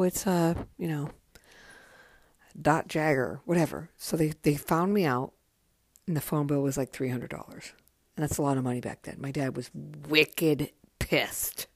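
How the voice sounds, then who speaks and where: A woman's voice: sits low, no echo, clean studio sound. A woman in her fifties, a podcast host telling memories in a candid, chatty way with plenty of swearing. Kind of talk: casual memoir storytelling.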